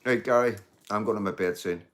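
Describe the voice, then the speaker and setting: This livestream host is a middle-aged man with a lowish, fairly bright voice, talking fairly quickly. His chat with viewers is casual and rambling, full of swearing and calls of mate and guys.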